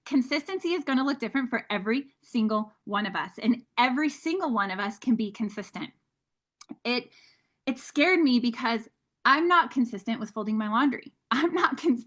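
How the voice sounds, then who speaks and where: A woman's voice: on the high side, expressive, normal speed, fairly bright tone. A woman leading a motivational team training, talking energetically and candidly and calling her listeners guys. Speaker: sales team leader.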